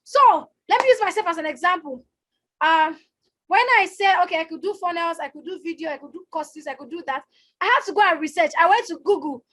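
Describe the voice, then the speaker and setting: A woman coaching on a live stream, energetic and loud, who likes to shout and repeats herself for emphasis. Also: very high voice, fairly quick. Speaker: online business coach. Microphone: phone or webcam on a live stream.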